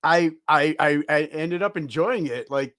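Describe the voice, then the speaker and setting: Male podcast host, a touch high, dry close sound, easygoing chat. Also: a bit bright, no room sound. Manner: laughs easily, halting restarts. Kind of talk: casual chat.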